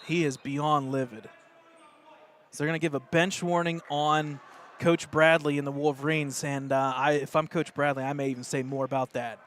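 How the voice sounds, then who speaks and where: An American man doing live play-by-play of a high school basketball game, excitable and openly rooting for the home team. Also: normal speed, slight background noise. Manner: excitable, partisan, rising pitch on plays. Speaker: play-by-play announcer.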